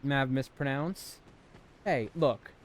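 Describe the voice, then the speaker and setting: A man's voice: mid-range voice, takes it slowly. Joking, swearing young man streaming a game. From Southern California. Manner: playful, swearing, joking with chat. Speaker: gaming streamer. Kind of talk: casual let's-play commentary.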